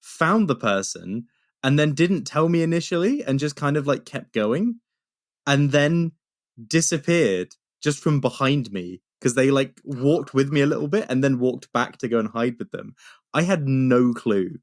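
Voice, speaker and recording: A man's voice: mid-range voice, lively intonation, unhurried, no room sound, clean studio sound. A young man co-hosting a podcast, telling stories in a rambling way with many restarts. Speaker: podcast co-host. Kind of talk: casual chat.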